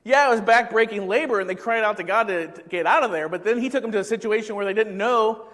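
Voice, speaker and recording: Pastor, male, high voice, casual sermon delivery that quizzes the room, hall reverb. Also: fast, fairly bright tone. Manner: conversational preaching, asks the congregation questions.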